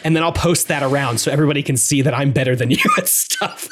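A man in casual podcast chat who retells video game scenes in an animated way and slips into quick character voices. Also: medium pitch, noisy background. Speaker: podcast co-host.

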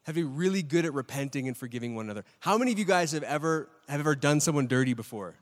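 This pastor, a man in his thirties, talks rapid-fire with lively intonation and a fairly high voice, giving a chatty sermon full of questions to the audience and frequent "right?" check-ins. The recording, made in a church hall with a live audience, has the long reverb of a large space.

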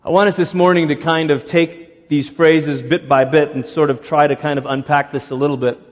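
A middle-aged man preaching a sermon as a pastor, lively and conversational, now and then acting out the voices of people in the story. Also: a little high, normal speed. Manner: animated, acts out voices of Moses and God. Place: church sanctuary. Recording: long reverb of a church hall.

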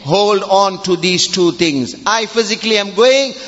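Man giving a fiery friday sermon, high bright voice, dull recording with long hall echo. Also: unhurried. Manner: impassioned, emphatic, swelling to near-shouts.

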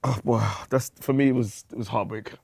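A male co-host introduces the next segment and chats about football. His mid-pitched voice is recorded close and dry. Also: fairly even intonation, a little fast, creaky, mellow, breathy edge, no room sound. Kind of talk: casual chat.

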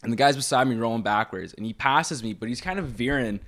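A young man from Canada co-hosts a casual podcast in a middle-pitched voice. He tells stories with plenty of swearing, laughing as he goes and acting out quoted lines. His talk is loose and chatty. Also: fast talker, a bit bright. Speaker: podcast co-host. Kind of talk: casual profane chat.

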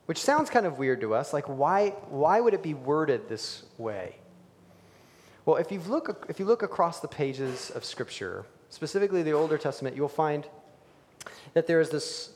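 Animated male preacher in a reverberant hall. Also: fairly high pitch, normal speed. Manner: animated, swings between loud emphasis and hushed near-whisper. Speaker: pastor. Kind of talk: sermon.

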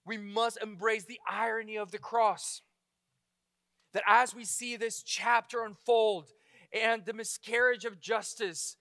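A man preaching a sermon, impassioned, rising to loud exclamations and dropping to a hushed intensity. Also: high-pitched, dry recording, clean studio sound.

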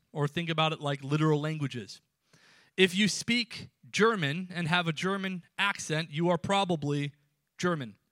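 A man delivers a sermon with emphatic, rising phrases that fall to hushed endings. His voice is bright and a little high. The recording is dry and close. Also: no room sound. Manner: emphatic preaching with sudden drops to quiet. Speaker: pastor.

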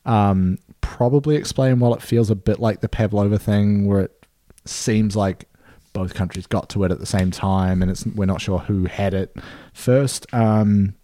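A man talks through a story at an easy, meandering pace, full of ums and casual swearing. His voice sits low and mellow. The sound is dry and close. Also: fairly even intonation, unhurried, few pauses, no room sound. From New Zealand. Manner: laid-back, rambling, many fillers and swearing. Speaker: podcast co-host. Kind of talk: casual chat.

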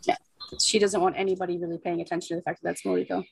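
A woman's voice: fairly low pitch, flat delivery, rapid-fire, vocal fry, husky, dry recording. A woman playing a tabletop game, chatty and a little hesitant as she checks rules. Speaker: player. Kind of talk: casual tabletop game play.

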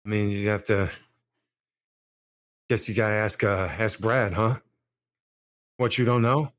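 A man's voice: lowish voice, steady tone, a little slow, fairly bright tone. A man playing a tabletop role-playing game, talking casually and in character. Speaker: player.

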